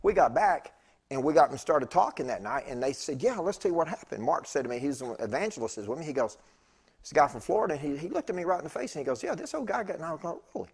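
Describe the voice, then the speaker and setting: A man preaching a sermon, telling a story with animated swings between loud bursts and hushed tones. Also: a little high, fast, slightly rough.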